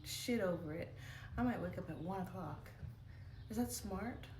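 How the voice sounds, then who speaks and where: A woman's voice: lowish voice, moderate pace, roomy sound, far from the mic, background noise. A tired woman streaming live, chatting casually and cooing baby talk at her pet.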